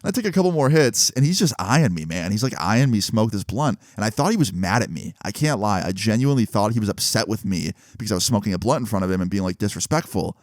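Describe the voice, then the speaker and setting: A man's voice: fairly low pitch, animated, fast talker, hardly any pauses, dry recording, clean studio sound. A young man casually telling a story in a laid-back, slangy way, chuckling now and then.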